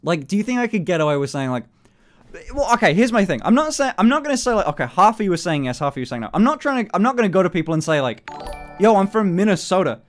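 A British man in a casual live-stream chat, talking in an animated way, swearing a lot and laughing often. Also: high-pitched, very fast, soft background music.

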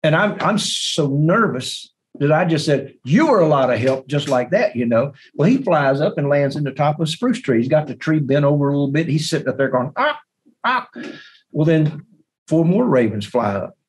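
A man who is a bowhunter, telling a hunting story as a podcast guest, animated and repeating words as he goes. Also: on the high side, moderate pace, poor audio. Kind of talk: hunting story told in an interview.

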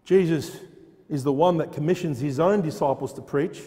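A man's voice: on the high side, normal speed, warm tone, long reverb tail. A man preaching a fervent sermon in a church, repeating phrases and firing off rhetorical questions.

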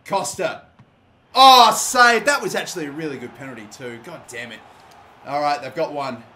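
A young Australian man giving live, excitable commentary on a football video game, swearing often and shouting at big moments. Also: medium pitch, fast. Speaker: gaming YouTuber.

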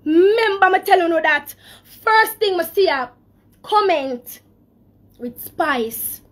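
Woman, Jamaican accent, emotional live-stream talk, patois, unhurried delivery. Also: extremely high pitch, lively intonation.

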